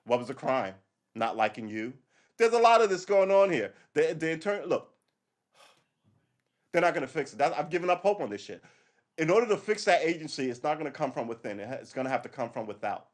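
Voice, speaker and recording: Fast and animated, his mid-range voice belongs to a middle-aged ex-policeman hosting a casual livestream. Expect bluntness, plenty of profanity, frequent laughter and many restarts.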